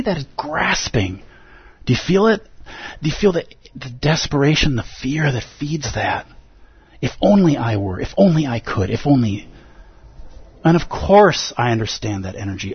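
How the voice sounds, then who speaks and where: Animated, emphatic man giving a dharma talk. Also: fairly high pitch, breathy edge, no echo, dull audio. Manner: animated, emphatic, acts out inner voices. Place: Zen center meditation hall.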